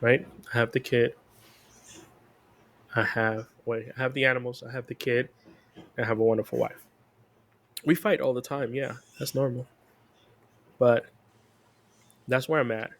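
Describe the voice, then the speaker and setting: A man's voice: medium pitch, steady tone, measured pace, long pauses. A man with a mid-range voice co-hosts a casual talk. He speaks bluntly and frankly, telling his story without polish. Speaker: podcast co-host. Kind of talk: casual chat.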